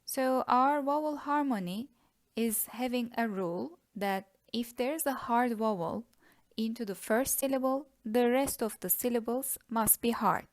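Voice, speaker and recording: A woman with a Turkish accent teaching a grammar lesson, patiently breaking words into syllables. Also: on the high side. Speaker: language teacher. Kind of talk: slow explanatory lesson.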